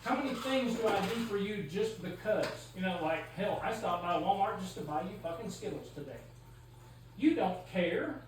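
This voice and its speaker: A woman's voice: medium pitch, expressive, moderate pace, slight background noise. Distant woman arguing in an echoey room. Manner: accusatory, insistent, talks over the other. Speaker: parent in a home argument. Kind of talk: heated domestic argument. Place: home.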